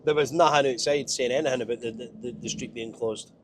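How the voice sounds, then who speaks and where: A man's voice: mid-range voice, fairly even intonation, quick pace, very noisy. A Scottish truck driver with a head cold and a nasal voice, chatting wryly and mocking himself as he drives. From Scotland. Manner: chatty, self-mocking, wry. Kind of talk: casual driving vlog. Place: truck cab.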